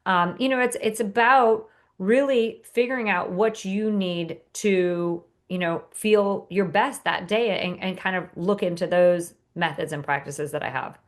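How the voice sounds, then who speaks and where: A woman's voice: medium pitch, a little slow, hardly any pauses. A woman author speaking as a podcast guest, earnest and motivational, with frequent fillers and restarts. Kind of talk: podcast interview.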